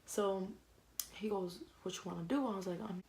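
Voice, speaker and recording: A young woman vlogger telling a casual storytime, fast and slangy, full of "like" and quoted back-and-forth. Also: medium pitch, steady tone, warm tone, slight background noise, low-quality recording.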